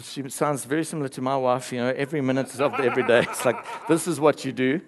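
A man's voice: medium pitch, steady tone, fast talker, noisy background. A man preaching a sermon, telling a story with playful asides and light laughter. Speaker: pastor.

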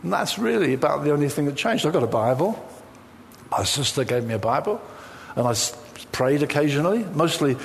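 A man preaching with an animated, storytelling delivery. His voice sits a little high and swings widely in pitch as he acts out quoted conversations. A faint hiss runs under the recording. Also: brisk, vocal fry. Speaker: pastor. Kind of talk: sermon.

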